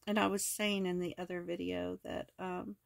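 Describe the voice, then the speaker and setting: A woman host walking through her collage journal in a casual, rambling way, hoarse with her voice cracking, full of ums and self-corrections. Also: lowish voice, little pitch movement, normal speed, dry recording. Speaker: crafting video host. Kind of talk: casual crafting walkthrough.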